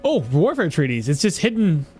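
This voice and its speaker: A man's voice: a little high, sing-song, normal speed, a little mellow. A man chatting casually on a live stream, talking to himself and answering chat while he plays. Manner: chatty, talks to himself and reads chat aloud. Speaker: game streamer.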